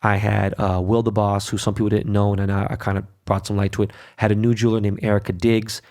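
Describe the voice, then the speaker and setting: A brash middle-aged man talking straight into his own podcast mic. His voice sits low with a gravelly edge, and he talks blunt and profane, leaning on "right?" and "okay?" to drive points home. Casual monologue, no script. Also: level tone, fast, darkish tone. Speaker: podcast host.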